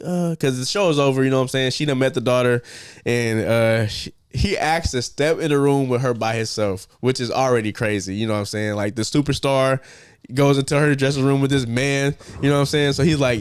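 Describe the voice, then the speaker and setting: A man recaps a film on a casual podcast, slipping in and out of the characters' voices as he tells it. His voice sounds smooth and resonant, recorded close and dry with no room sound. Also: medium pitch, no room sound. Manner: animated storyteller, acts out characters in quick shifts of voice. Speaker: podcast co-host. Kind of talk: casual movie review chat.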